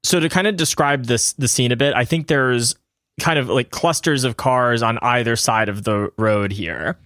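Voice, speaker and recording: A male game master narrates a tabletop scene at a middling pitch, feeling his way through the description with hedges and loose phrasing. The sound is dry and close, with no room in it. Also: moderate pace, a bit bright, no room sound. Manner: descriptive, hedges often with "I think" and "kind of".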